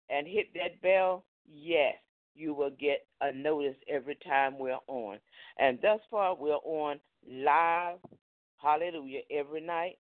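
A man hosting a live ministry broadcast, giving announcements in a chatty way full of amens and hallelujahs. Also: fairly high pitch. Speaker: ministry host and preacher. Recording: phone-like narrow sound.

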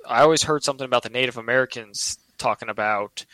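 A man's voice: medium pitch, quick pace, bright, forceful tone, dry recording, rough recording. A man telling a personal story in a casual, earnest, rambling way, often restarting his sentences.

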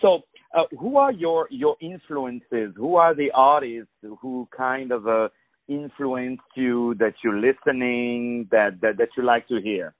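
A man's voice: mid-range voice, a little slow, dry recording, phone-quality sound. A man hosting a radio show who interviews a guest over the phone, effusive and heaping on praise with repeated words. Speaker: radio host.

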